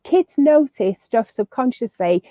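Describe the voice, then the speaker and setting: This woman talks in a mellow, warm voice as she gives upbeat, chatty tips over a video call. The audio is dry and slightly muffled, like a lo-fi call, and her speech keeps looping back with fillers and restarts. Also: a little high, lively intonation, unhurried, no room sound. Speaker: parenting and education guest. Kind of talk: casual advice chat.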